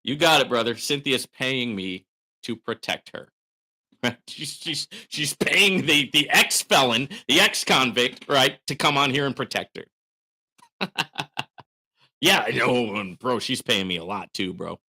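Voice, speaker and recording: A man runs a casual viewer question show in an animated, forceful voice that swings up and down in pitch. He keeps tagging his points with "right?" and breaks into loud hollering bursts. His tone is bright and pushing throughout. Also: unhurried. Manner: frequent "right?" tags. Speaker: host. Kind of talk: live Q and A chat.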